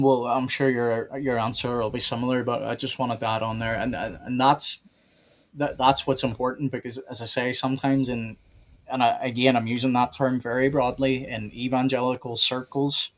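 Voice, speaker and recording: A man's voice: mid-range voice, a bit bright. A man with an Irish accent hosting a casual theology podcast, asking long, rambling questions. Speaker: podcast host.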